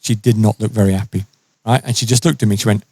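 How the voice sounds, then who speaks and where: A man's voice: fairly low pitch, fast, no room sound. A man casually telling a funny story on a podcast, acting out the people in it and laughing often. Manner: animated, lively, acts out quotes and laughs often.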